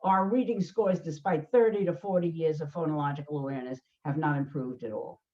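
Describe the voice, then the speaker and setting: Here the older learning specialist's voice sits low and a little mellow, and she talks a bit fast while hosting a conversation. Her explanations are emphatic, full of fillers, restarts and acted-out quoted voices, captured in dull lo-fi sound.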